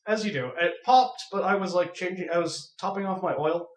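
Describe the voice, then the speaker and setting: A young man casually telling a funny story on a podcast, animated and laughing as he goes. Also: sits high, a little fast. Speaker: podcast co-host. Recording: echoey room, far from mic.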